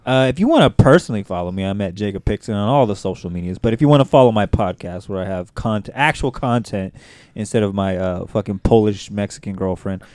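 A man's voice: lowish voice, expressive, fast talker, a little mellow, no room sound. A man guesting on a podcast, telling a crude story in a rambling, profane way. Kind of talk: casual podcast chat.

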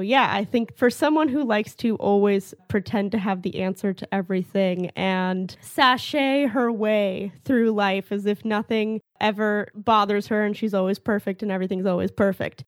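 A woman's voice: mid-range voice, steady tone, normal speed, few pauses, no room sound. A woman playing in a tabletop role-playing game, chatting casually and playfully with the table. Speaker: player.

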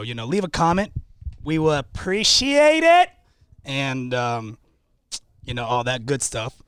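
A man's voice: mid-range voice, fairly bright tone, clear, resonant tone, no room sound, clean studio sound. A man hosting a podcast from a comedy club, loose and joking, trailing off. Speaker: podcast host. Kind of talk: casual chat.

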